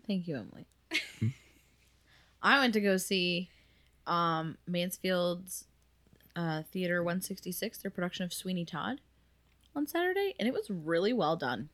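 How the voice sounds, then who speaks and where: A woman's voice: on the low side, sing-song, measured pace, long pauses, a bit bright. A woman co-hosting a podcast in casual chat, talkative and giggly, filling her sentences with "like". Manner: chatty, giggly, lots of "like". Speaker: podcast co-host.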